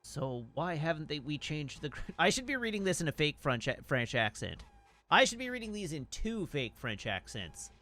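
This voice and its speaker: A man's voice: a little high, big pitch swings, moderate pace, bright, forceful tone. A man streaming a video game, joking and commenting on his own play, with sudden mumbles and outbursts. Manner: jokey, self-mocking, swings between mumbles and outbursts. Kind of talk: let's play gameplay commentary.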